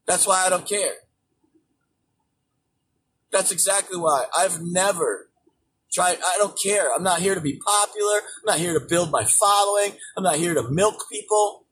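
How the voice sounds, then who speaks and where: Male host, high voice, profane political rant, distant mic. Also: moderate pace. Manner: angry, swearing constantly, emphatic, bursts into shouting. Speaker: show host. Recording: distant mic with faint background noise.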